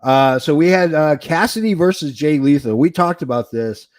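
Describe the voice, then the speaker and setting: A man co-hosting a wrestling podcast in casual chat, excitable and joking, rambling with fillers. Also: fairly high pitch, moderate pace, dry recording. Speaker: podcast co-host.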